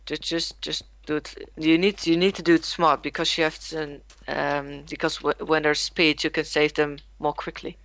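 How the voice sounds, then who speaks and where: Young guy gaming with a friend, jumpy and loud, kinda high voice. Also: normal speed, few pauses. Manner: excitable, exclaims and swears. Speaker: gamer. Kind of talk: casual game commentary.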